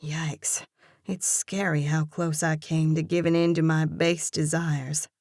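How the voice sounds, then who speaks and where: A woman narrating a first-person romance audiobook with an expressive, lively character reading. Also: low voice, a little slow, dry recording, clean studio sound.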